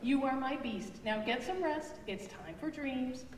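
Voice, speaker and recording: A woman voicing a gentle, loving mother monster at bedtime, reading slowly and softly in an echoey church hall heard from a distance. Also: high-pitched, animated, slight background noise, pitched above the performer's own voice. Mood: tender.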